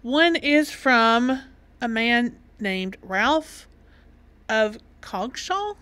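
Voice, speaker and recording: A woman's voice: on the high side, animated, slow, a bit bright, clean tone, dry recording. A woman with a Southern US accent, co-hosting a podcast in casual chat and laughing often. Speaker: podcast co-host.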